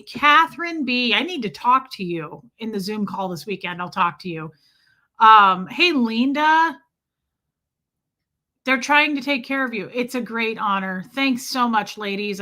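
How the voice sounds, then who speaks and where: A woman with a slightly high, sharp-toned voice hosts a casual livestream from her rural home. She chats with viewers, thanks them by name, and swears freely.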